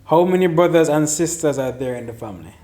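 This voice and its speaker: A man's voice: fairly high pitch, expressive, fast talker, warm tone. A man hosting a casual chat show, reading riddles aloud and teasing his friends. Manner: teasing, laughs often.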